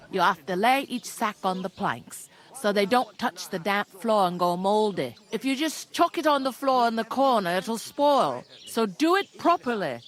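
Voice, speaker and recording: A woman voicing a brisk, no-nonsense village tavern keeper in a video game. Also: medium pitch, fairly bright tone. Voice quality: blunt, no-nonsense.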